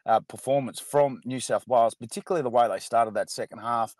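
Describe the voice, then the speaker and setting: A man with an Australian accent, co-hosting a sports radio show, giving measured analysis full of "uh" fillers. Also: mid-range voice, a little mellow, no room sound.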